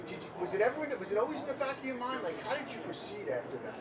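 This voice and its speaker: A man's voice: very high-pitched, very animated, rapid-fire, a crowd in the background. A man interviewing a guest, asking his questions in an easygoing, prompting way. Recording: distant mic with room noise.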